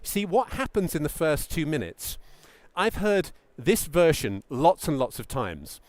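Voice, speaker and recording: A middle-aged man coaching founders from the stage, his voice sitting a bit high and swinging widely in pitch as he stresses key words. The sound is dry and close, with no room echo. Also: unhurried. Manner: animated, emphatic, acts out mock founder quotes. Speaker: pitch coach giving a talk. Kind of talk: presentation talk to founders.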